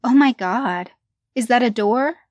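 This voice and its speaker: A woman voicing an excitable female house buyer in a horror story reading, gushing and chatty. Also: on the high side, measured pace, no room sound, dull audio, pitched above the performer's own voice, natural voice.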